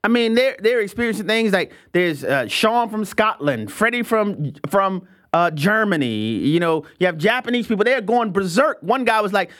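A host delivering opinionated commentary at a middling pitch. The talk is animated and rambling, full of restarts and asides. Each point is driven home with conviction. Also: moderate pace. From United States. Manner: animated and digressive, with frequent restarts.

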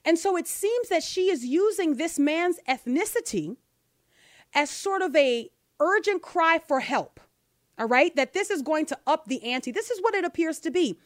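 Woman talk show host, high voice, dry close sound, keeps asking "right?" to make her point. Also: animated, moderate pace, dry recording. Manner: emphatic, with many rhetorical "right?" tag questions. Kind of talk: opinion commentary on a talk show.

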